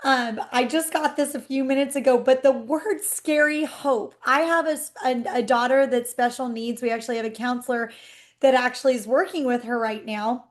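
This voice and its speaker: A woman hosting a testimony session, chatty and excited, speaking straight to her audience. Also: sits high, moderate pace. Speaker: host of a testimony call. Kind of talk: casual hosting on a video call.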